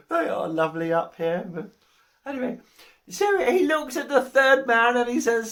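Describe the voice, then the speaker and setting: A woman's voice: a little high, animated, measured pace, pauses often. A woman giving a comic Christmas speech, telling a rambling joke and giggling at her own lines. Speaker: comic storyteller.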